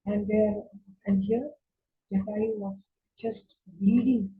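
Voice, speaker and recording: A woman telling a story to children, pausing often with fillers. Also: mid-range voice, fairly even intonation. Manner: hesitant, with frequent fillers. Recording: tinny phone-like sound.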